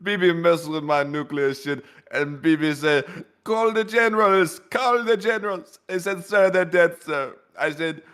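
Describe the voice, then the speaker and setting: A man voicing a boastful, blustering male president with an over-the-top, drawn-out delivery. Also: a little high, a bit bright, clean tone, pitched above the performer's own voice.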